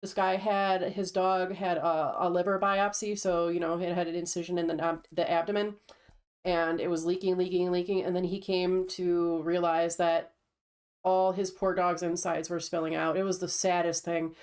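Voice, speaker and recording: A woman with a somewhat low voice chats casually on a stream. She tells her stories plainly and matter-of-factly, without much drama. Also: flat delivery, normal speed, darkish tone, smooth. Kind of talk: casual chat.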